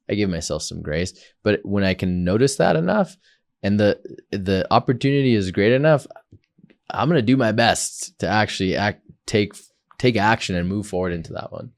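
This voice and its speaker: A man from South Africa talking as a podcast guest, earnest and reflective, often leaning on "like" and restarting his sentences. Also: fairly low pitch. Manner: earnest and reflective, many "like" fillers. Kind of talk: casual conversation.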